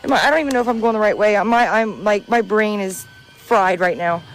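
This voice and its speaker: A woman filming herself outdoors in dark woods at night on a handheld camera, talking to viewers in a frightened, pleading, panicky way and swearing. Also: mid-range voice, a little fast, faint music behind. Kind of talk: frightened live commentary to viewers.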